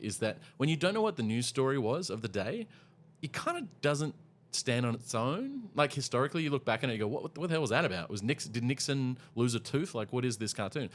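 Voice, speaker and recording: Casual male co-host, rambling chat, mid pitch. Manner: rambling, acts out quoted voices. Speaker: cartoonist podcast co-host.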